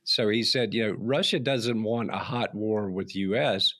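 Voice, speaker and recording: A man's voice: fairly low pitch, fairly even intonation, a little slow, pushed and bright, no echo. A man hosting a podcast, chatty and friendly, telling stories with restarts. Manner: friendly, rambling with restarts and laughs. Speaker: podcast host. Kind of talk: casual conversation.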